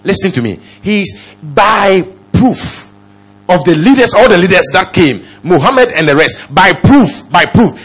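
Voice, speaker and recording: A man preaching with a husky, slightly raised voice that leaps all over its range. He hammers home points with rhetorical questions, dropping to a murmur and then surging loud again. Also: very animated, measured pace. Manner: emphatic, rhetorical questions, swings from low murmurs to loud exclamations. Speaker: pastor. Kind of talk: sermon.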